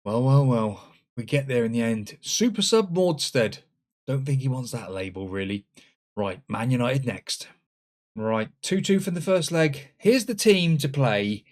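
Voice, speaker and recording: A man narrates his football management game in let's-play style. His pitch leaps around as he exclaims at each moment, then drops into low muttered asides. Middle-pitched, lively, and chatty throughout. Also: a little slow. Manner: animated, exclaiming, swinging between shouts and muttered asides. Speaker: gaming channel host.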